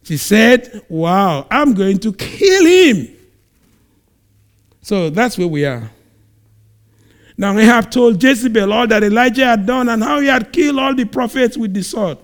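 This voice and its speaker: A man from Nigeria preaches a sermon, telling scripture as a lively story with sudden swells in volume. His voice sits high for a man. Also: moderate pace. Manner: animated storytelling, acts out scenes.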